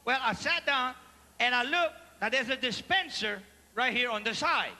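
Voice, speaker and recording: High bright Cajun man doing stand-up. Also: moderate pace. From Louisiana. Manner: animated, mixes Cajun French phrases, asks audience questions. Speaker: stand-up comedian. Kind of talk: live stand-up storytelling. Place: large theater stage before a live audience. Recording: live theater recording with hall reverb and faint ambience.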